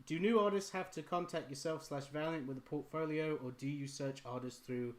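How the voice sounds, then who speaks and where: A man's voice: on the high side, a little fast. A British man hosting a live stream, talking in casual chat. He tells rambling, self-deprecating stories. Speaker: stream host, artist.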